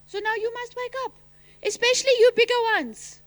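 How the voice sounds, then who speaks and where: High, bright-voiced teacher. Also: female voice, normal speed, no room sound. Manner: animated, teasing, quizzing the pupils, calling out loudly at times. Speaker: teacher leading a school assembly. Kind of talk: school assembly address. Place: school assembly. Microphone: microphone.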